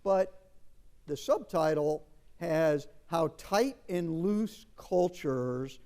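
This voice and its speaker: A man with a mellow, somewhat higher voice moderates an interview on a conference stage. He puts his questions in a measured, formal way. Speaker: interview moderator, center director.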